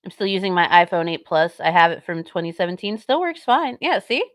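A woman's voice: on the low side, sing-song, brisk, dry recording, clean studio sound. A woman streamer giving casual commentary on clips and reading chat, sarcastic, blunt and mocking.

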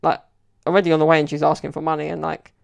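Gravelly, flat-voiced young man. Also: fairly high pitch, very fast. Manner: rambling, chatty, fills with "like" and "you know". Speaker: podcast host. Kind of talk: casual solo podcast storytelling.

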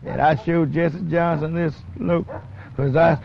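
A man's voice: on the high side, little pitch movement, a little slow, vocal fry, a little hiss or hum. A man in his sixties telling rambling stories about his music career in a drawling way, acting out the other people's lines. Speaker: blues musician. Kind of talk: rambling storytelling. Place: outdoors in a city. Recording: dull old archive film audio with music.

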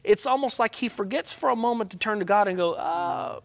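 A man on a Sabbath School panel, leading a Bible study discussion in an animated, folksy, preacherly way. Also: high voice, quick pace, vocal fry.

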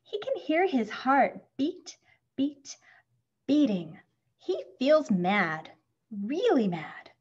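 A woman reading a children's picture book aloud, expressive and acting out the sound words. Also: high-pitched, takes it slowly, slightly rough. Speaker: storybook reader. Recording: muffled lo-fi recording.

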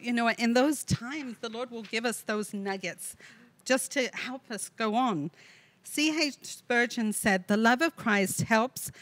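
A woman's voice: medium pitch, a bit bright, no room sound. A woman leading an online women's ministry talk, reading scripture and adding earnest personal asides. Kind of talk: devotional Bible teaching to women. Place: online video session with a co-host.

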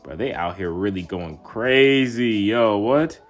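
A man's voice: lowish voice, animated, slow, faint music behind. A man hosting a webtoon reaction video, reading panels aloud and reacting in a slangy, exclaiming way with frequent laughs.

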